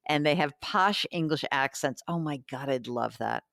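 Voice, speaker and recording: A woman's voice: sits low, moderate pace, vocal fry, fairly bright tone, dry recording, studio quality. A woman hosting a radio call-in show about money, chatty and thinking aloud as she answers listener questions.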